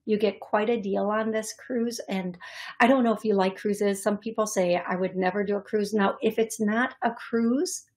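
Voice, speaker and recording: A young adult woman hosting a psychic medium show, speaking in a halting, repetitive way with many fillers as she passes on messages to viewers. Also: medium pitch, steady tone, darkish tone. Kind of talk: live-stream reading for viewers.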